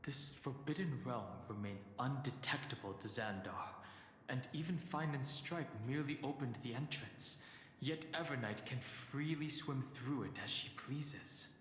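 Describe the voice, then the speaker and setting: A grave, measured young man, voiced by a man speaks in a mid-range voice. His lines echo with a long hall reverb over faint game music. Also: mid-range voice, a bit bright, a little hiss or hum, natural voice. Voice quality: measured, serious. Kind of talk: game voice acting.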